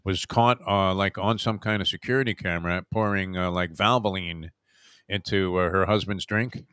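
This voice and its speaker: A man's voice: deep voice, steady tone, normal speed, a bit bright, clean tone, no room sound, clean studio sound. A man hosting a radio talk show, bantering and teasing his guest. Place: radio studio.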